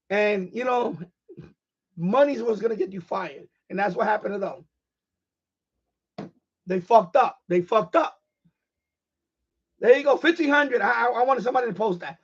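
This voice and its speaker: A man's voice: extremely high pitch, breathy edge, muffled recording. A man hosting a live stream in casual chat, boisterous and profane, laughing often.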